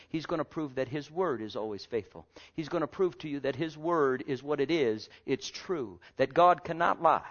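A man preaching a sermon, his voice soaring high and sinking low with lively pitch. He often addresses the congregation directly. The recording is dull and lo-fi. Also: normal speed, few pauses. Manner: swings from soft and low to loud, high exclamations; fervent, calls to the congregation.

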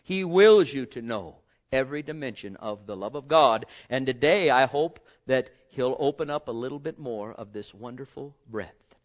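A man preaching a sermon, reading scripture and swinging from booming to hushed, drawing out his words. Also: animated, normal speed, hardly any pauses. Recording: dull lo-fi sermon recording.

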